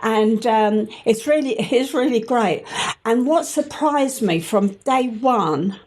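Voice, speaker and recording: A woman with a Cockney accent, a private investigator telling stories in a casual chat as a guest, chatty and animated with hesitant restarts. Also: fairly high pitch, slow pace, slight background noise.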